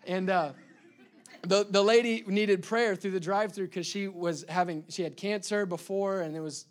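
With a steady tone and moderate pace, a male pastor preaches a sermon in a high, bright voice. He's energetic, stumbling and restarting words, then suddenly bursting out loudly.

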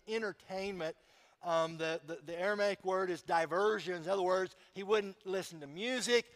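Male pastor, sermon, high voice, conversational with emphatic bursts, long hall reverb.

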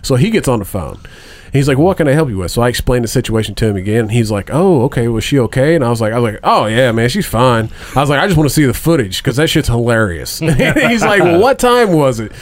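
A man's voice: medium pitch, big pitch swings, fast talker. Profane, rambling male storyteller. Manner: profane, rambling storyteller who laughs often. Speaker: podcast co-host. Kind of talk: casual chat.

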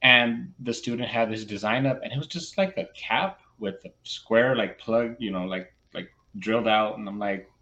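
A male teacher appearing as a podcast guest animatedly tells a classroom story, acting out bits of dialogue with many fillers and restarts. His lowish voice has a sharp tone, normal speed, and few pauses, heard through lo-fi, muffled audio.

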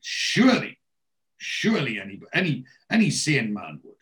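A man of medium pitch chats casually on a podcast. He rambles and restarts as he recaps a TV episode. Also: lively intonation, normal speed, a bit bright. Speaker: podcast co-host.

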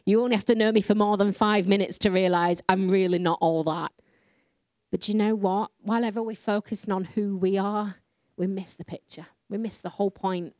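A woman with a Yorkshire accent tells her story from the pulpit, earnest and quick to poke fun at herself. Her voice sits at an ordinary middle pitch and sounds close and dry, with almost no room around it. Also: darkish tone, no room sound. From England. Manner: earnest storytelling, self-deprecating. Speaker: ministry leader speaking to a congregation. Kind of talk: sermon-style testimony.

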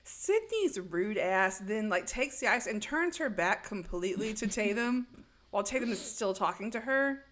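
A woman co-hosting a casual chat, retelling a movie scene by scene with sarcastic asides and quick put-on voices. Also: mid-range voice, lively intonation, fairly bright tone. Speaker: podcast co-host.

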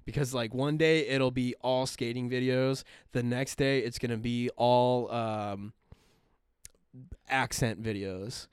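A man's voice: medium pitch, steady tone, takes it slowly, clean tone, no echo, clean studio sound. A young American man, hosting a podcast in casual chat, rambling and swearing a lot, laughing as he talks. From United States. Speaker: podcast host.

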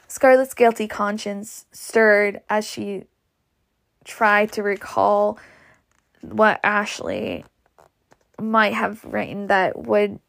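Slow, gravelly woman reading a novel. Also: medium pitch. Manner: unhurried, with small slips and restarts. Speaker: narrator. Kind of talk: audiobook reading.

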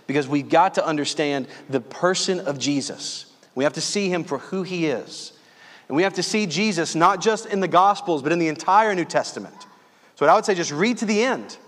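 A male pastor from Louisiana delivers an earnest sermon in a fairly high voice. He leans on key phrases, slowing down to stress them. His words ring out with a long reverb, as in a church hall. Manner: earnest, calls listeners "friends", slows on key phrases.

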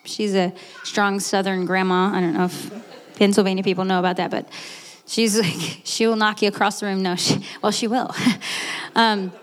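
A woman in her late thirties giving a candid, earnest personal testimony, with restarts and quick laughs. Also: mid-range voice, flat delivery. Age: 30s. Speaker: guest speaker. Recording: echoey hall.

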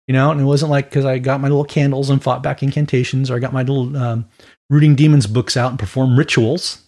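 Gravelly man giving a casual Bible teaching. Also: medium pitch. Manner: conversational and animated, with quick mock voices and asides. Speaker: preacher.

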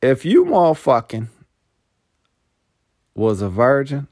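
A man's voice: mid-range voice, lively intonation, slow, long pauses, a little mellow, no room sound, clean studio sound. A man hosting a casual podcast monologue, profane and rambling. He tacks "man" onto nearly every phrase and turns heartfelt and choked up at times. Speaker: podcast host.

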